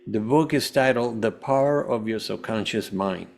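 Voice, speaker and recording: A man's voice: on the low side, moderate pace, gravelly. A man, a holistic health coach, telling his personal story as a podcast guest in an earnest, rambling way with many restarts.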